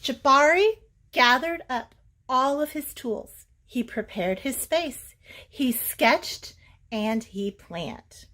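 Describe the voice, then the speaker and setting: A woman librarian reading picture books aloud to young children, with a highish, very animated voice. She takes her time and keeps the pace slow, drawing listeners in with questions. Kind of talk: picture-book read-aloud.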